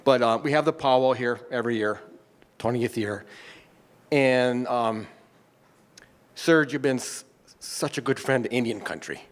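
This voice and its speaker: A man's voice: mid-range voice, measured pace, long pauses. A man from a nonprofit giving a short, informal, sincere thank-you at a council meeting. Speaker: nonprofit representative. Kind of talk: public comment. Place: council chamber.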